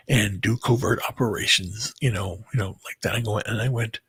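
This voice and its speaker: A man telling a painful personal story in a halting, rambling way, full of filler words and bitterness. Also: on the low side, a bit bright, dry recording. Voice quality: very husky, gravelly. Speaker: person recounting a breakup.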